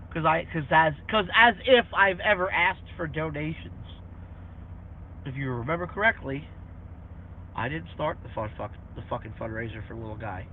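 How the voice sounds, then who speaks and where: A man's voice: fairly high pitch, moderate pace. A man vlogging about his truck in a casual, profane rant, swearing freely and mocking his critics. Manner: swears freely, mocks critics with sing-song voices. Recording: tinny phone-like audio with faint hiss.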